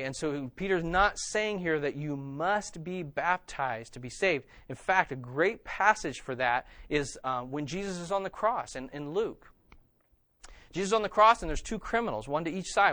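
A pastor with a voice on the high side and a fairly bright tone preaches conversationally, often checking in with his listeners by asking "okay?" The recording is dry and of studio quality.

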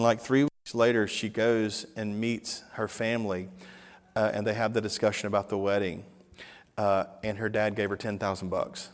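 A middle-aged man preaching a sermon as a lively storyteller, acting out the dialogue of the people in his story. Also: lowish voice. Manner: animated storyteller, acts out dialogue. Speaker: pastor. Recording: long hall reverb.

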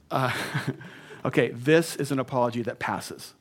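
Rich: An animated man preaching a sermon, his pitch sitting in an ordinary middle range. He breaks off to act out excuses and weak apologies, then leads the congregation in call and response. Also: a little slow. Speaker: pastor. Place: church.

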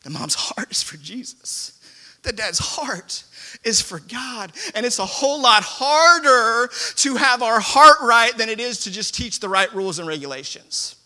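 A man's voice: very high voice, animated, a little slow, sharp tone. A man preaching a sermon to a congregation in a church, talking in a conversational, self-deprecating storytelling way. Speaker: pastor. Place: church sanctuary before a congregation.

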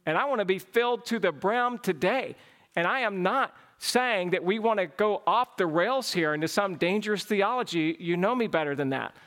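A man with a notably high-pitched voice preaches to his congregation. His delivery is fervent and urgent, swelling into excited exclamations before he settles into a closing prayer. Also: normal speed. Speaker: pastor. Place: church service.

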